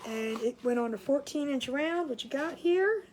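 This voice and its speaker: Chatty woman livestreaming her crafts, a bit out of breath, higher-pitched voice. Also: animated, normal speed, very noisy. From Maryland, USA. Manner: chatty, greets viewers by name. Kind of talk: casual live chat while crafting.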